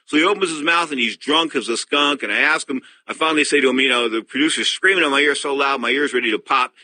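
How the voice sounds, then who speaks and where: Older male sports talk host, forceful storyteller, dry studio sound. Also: mid-range voice, fast, dry recording. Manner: animated storyteller who acts out quotes. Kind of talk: casual sports talk commentary.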